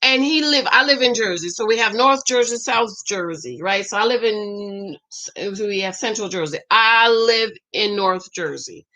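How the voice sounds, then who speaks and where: A woman's voice: mid-range voice, measured pace. A woman giving dating and marriage advice in a casual, sassy chat, talking straight to her women viewers and calling them "girl.". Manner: sassy, animated, addresses listener as "girl"; acts out quoted voices. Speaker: relationship advice vlogger.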